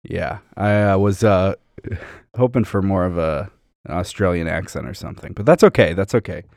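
A man's voice: low voice, moderate pace, vocal fry, darkish tone, dry recording, studio quality. A young man co-hosting a podcast in casual chat, rambling and playful with lots of fillers. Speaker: podcast co-host.

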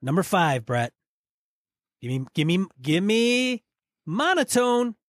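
A man's voice: sits high, very animated, slow, no echo, studio quality. Upbeat podcast host coaching his partner. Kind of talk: casual podcast chat.

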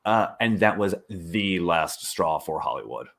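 A man co-hosting a casual chat, telling a story with animated delivery and acted-out quotes. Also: a little slow, gravelly. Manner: animated, acts out quotes with swooping pitch. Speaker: podcast co-host.

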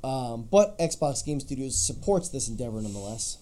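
A man co-hosting a casual gaming podcast, running through news in a relaxed, chatty way with plenty of fillers and restarts. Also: medium pitch, moderate pace, a little hiss or hum. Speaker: podcast co-host reading news.

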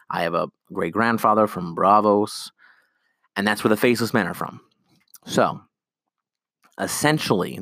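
A man hosts his own podcast alone, talking in a loose, rambling rant and slipping into quick impressions of characters. His voice sits on the low side, and the recording is dry and close with no room sound. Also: no room sound. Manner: animated, rambling, acts out characters' lines. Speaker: podcast host.

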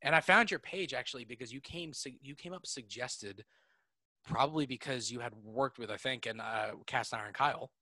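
A man's voice: medium pitch, moderate pace, bright, forceful tone, dry recording. A young man hosting a podcast, chatting casually and jokingly with lots of fillers. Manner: rambling, joking, many fillers. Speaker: podcast host. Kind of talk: casual chat.

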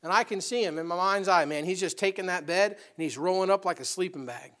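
A man preaching a sermon, swinging from quiet, measured explanation to loud, urgent exhortation. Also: sits high. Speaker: pastor.

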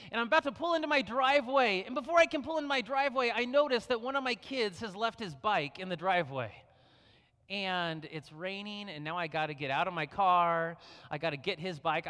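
Middle-aged male pastor, bright voice, relaxed chatty sermon delivery, long reverb in the room. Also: high voice. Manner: conversational preaching, frequent "right?" asides.

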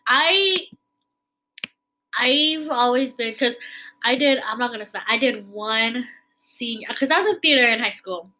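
A young woman hosting a casual chat, talkative and quick to laugh, with many fillers. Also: fairly high pitch, lively intonation, pushed and bright, slight background noise, rough recording. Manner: chatty, filler-heavy, laughs easily. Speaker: podcast host. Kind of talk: casual conversation.

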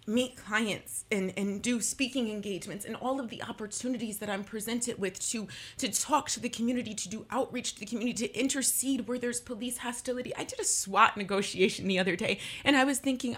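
Husky, impassioned woman in her thirties. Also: fairly high pitch, a little fast, few pauses, a bit bright. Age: 30s. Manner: impassioned, emphatic, repeating phrases for force. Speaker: attorney and interview guest. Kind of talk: emotional radio interview. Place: radio studio.

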